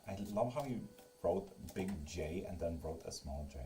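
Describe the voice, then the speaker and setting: A man's voice: low-pitched, lively intonation, moderate pace, warm tone, slight background noise. A man doing live tarot readings in casual stream chat. He reads viewers' comments aloud, teases them and swears freely. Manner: joking and teasing.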